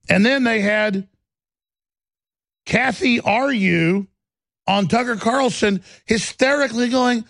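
Brief: high, gravelly middle-aged male commentator, scornful. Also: slow pace, long pauses, fairly bright tone, dry recording, studio quality. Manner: scornful, rambling, mocking. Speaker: host. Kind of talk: combative political commentary.

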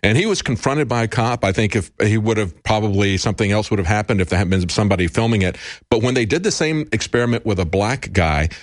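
A man's voice: fairly low pitch, quick pace, no echo, clean studio sound. A man co-hosting a political talk show, speaking in an emphatic, earnest, lecturing way. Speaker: co-host commentator.

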